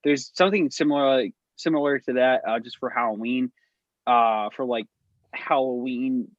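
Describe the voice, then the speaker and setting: A man's voice: medium pitch, normal speed, no room sound, dull audio. A young man co-hosting a casual chat among friends, rambling through stories with many fillers and restarts. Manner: rambling, heavy filler words. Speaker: podcast co-host.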